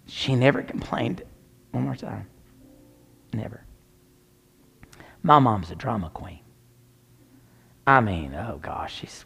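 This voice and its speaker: A man's voice: fairly low pitch, expressive, moderate pace, gravelly, pauses often, slightly rough. A man preaching a sermon, telling a personal story with dramatic shifts down to near whispers. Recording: long hall reverb.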